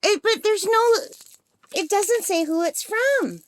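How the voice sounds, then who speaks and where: A sixty-year-old woman unboxing a birthday gift on her vlog, gushing with breathless excitement. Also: very high voice, takes it slowly, dry recording. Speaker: art supply vlogger.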